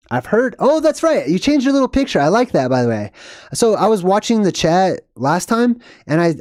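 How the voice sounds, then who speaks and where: A man's voice: fairly high pitch, darkish tone, no room sound, clean studio sound. A young man hosting a live stream, chatting casually and rambling as he reads out viewer comments. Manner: rambling, chatty, laughs at himself.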